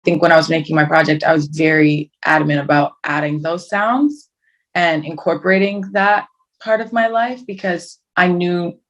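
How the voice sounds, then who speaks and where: Young woman guest, low gravelly voice, chatty and rambling, video-call sound. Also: a bit bright, low-quality recording. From Toronto, Canada. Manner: chatty, rambling with many likes and restarts. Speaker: guest singer. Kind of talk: casual interview over video call.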